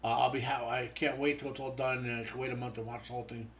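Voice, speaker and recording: A man's voice: medium pitch, little pitch movement, quick pace, a bit bright. A tired man hosting a show, giving a casual spoken episode review that rambles with many fillers and restarts. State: tired, yawning.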